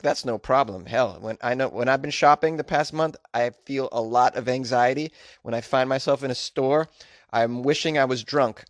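Guy hosting a podcast, reads the news and jokes around a lot, dry no-echo sound. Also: mid-range voice. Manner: jokey, chuckling asides, loose rambling. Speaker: podcast host. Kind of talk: casual news commentary podcast.

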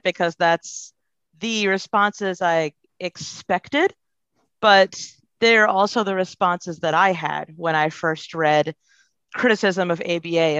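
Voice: medium pitch, fairly bright tone, no room sound. A podcast guest answers in an earnest, reflective way, working through ideas as they speak. The sound is dull and lo-fi. The recording is dry, with no room around the voice. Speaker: guest, behavior analysis professional.

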